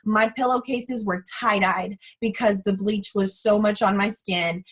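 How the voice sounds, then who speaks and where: A woman's voice: medium pitch, measured pace, low-quality recording. A woman in her thirties with a drawl, giving a frank, chatty motivational talk to a sales team. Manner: chatty, frank and animated, acts out quoted voices. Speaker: guest speaker for a sales team.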